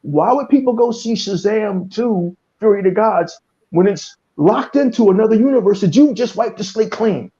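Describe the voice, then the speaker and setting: Picture a male podcast host on a furious, cursing tirade, hammering the same points again and again. His voice is high-pitched with a dark, mellow timbre. The audio is muffled and lo-fi. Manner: fiery, cursing, repeats himself. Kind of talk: heated profane rant.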